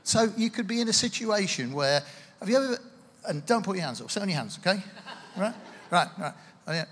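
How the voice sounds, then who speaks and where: Male preacher, conversational sermon delivery, slightly high husky voice, reverberant hall. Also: fairly quick. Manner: conversational, self-deprecating, lively with asides and laughs. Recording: echoey hall, distant reverb.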